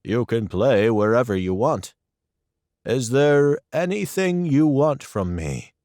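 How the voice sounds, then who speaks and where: A man voicing a sad, stooped gentleman with gray hair, kind but weary and hesitant. His speech is slow and unhurried, in a dry close recording. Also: mid-range voice, expressive, no echo.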